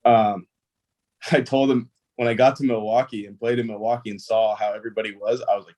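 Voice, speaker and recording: A man's voice: on the low side, steady tone, brisk, a little mellow. A young man, a pro ballplayer, telling stories in a casual interview, easygoing and rambling with lots of fillers. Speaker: guest, pro baseball player.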